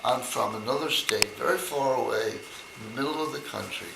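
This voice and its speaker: An older man voicing a quiet middle-aged man, a reticent ex-convict who answers in a low-key way. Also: normal speed, creaky, roomy sound, background noise.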